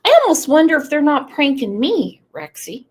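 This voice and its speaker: A woman's voice: high-pitched, big pitch swings, normal speed, darkish tone. A woman with a cold and a congested voice, hosting a casual true crime livestream, blunt and outspoken as she reads chat. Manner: blunt, outspoken, with emotional asides. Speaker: true crime channel host.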